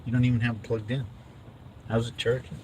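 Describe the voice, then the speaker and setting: A man's voice: mid-range voice, little pitch movement, a little fast, darkish tone, slight background noise, rough recording. A middle-aged man from inland California, rambling casually with lots of fillers while driving with his son. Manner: rambling, chatty, with many fillers. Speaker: father, vlog host. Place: inside a car on a drive.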